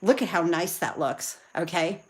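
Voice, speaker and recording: A woman chatting excitedly with viewers while she demonstrates card making live from her craft room. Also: fairly low pitch, moderate pace. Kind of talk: live crafting demo chat.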